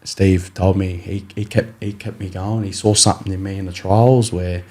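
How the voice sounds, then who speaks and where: A man's voice: low-pitched, steady tone, normal speed, a little mellow. A young Australian man, a rugby league player, telling his story in a casual interview, rambling with many fillers and acting out his coach's words.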